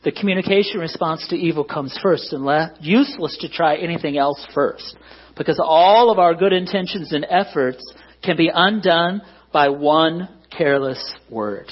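A man's voice: fairly high pitch, moderate pace, husky, dull audio. A man preaching a conversational sermon as pastor, often asking the congregation to agree. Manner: conversational, self-deprecating, asks the congregation for agreement. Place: church.

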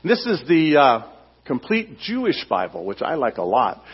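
A man's voice: medium pitch, wildly swooping pitch, normal speed, breathy edge, highs cut off. A man preaching a sermon as pastor, emphatic and teacherly, putting questions to his congregation.

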